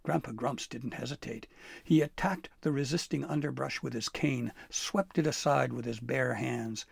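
A man narrating a storybook with an expressive, dramatic read-aloud manner. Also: mid-range voice, moderate pace, creaky, breathy edge, no room sound.

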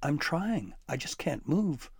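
A man's voice: fairly high pitch, sing-song, slow pace, husky, no room sound, studio quality, voice pushed up, exaggerated voice. A man voicing a frightened young boy, trapped and straining to talk, protesting back. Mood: scared protesting.

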